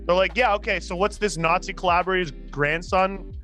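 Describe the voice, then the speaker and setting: A man from Canada co-hosting a casual political chat, excitable, swearing often and restarting his sentences. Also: high-pitched, fairly quick, soft background music. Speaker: podcast co-host.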